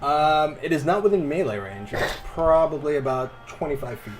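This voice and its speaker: A man running a tabletop game as game master, narrating the action in a loose, animated way with bursts of excited whoops. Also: a little high, moderate pace, music in the background.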